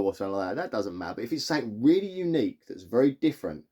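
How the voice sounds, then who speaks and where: A man, a vlogger telling rambling, animated stories to his viewers and chuckling as he goes. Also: medium pitch, very fast, hardly any pauses, breathy edge. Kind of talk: casual storytelling to camera.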